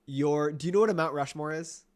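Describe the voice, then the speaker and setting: A man's voice: fairly high pitch, brisk. A man hosting a casual podcast interview, talking in an enthusiastic, slangy way. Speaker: host. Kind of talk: casual chat.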